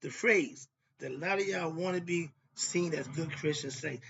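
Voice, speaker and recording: Older man, spiritual teacher type, emphatic monologue, raspy and gravelly voice, dull lo-fi recording. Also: fairly high pitch, moderate pace, a bit bright. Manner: emphatic, repetitive, asks himself rhetorical "why?". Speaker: self-described spiritual teacher. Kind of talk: casual spoken monologue.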